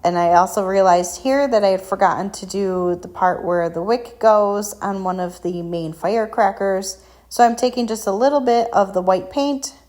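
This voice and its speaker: A woman's voice: lowish voice, darkish tone. A woman hosting a painting and crafting tutorial, talking casually and self-deprecatingly with frequent ums. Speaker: craft shop tutorial host.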